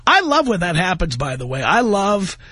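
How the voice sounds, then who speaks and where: A middle-aged man hosting a talk radio show, telling stories in an animated way and laughing often, close on a studio mic. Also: high-pitched, moderate pace, husky, no room sound. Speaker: radio host.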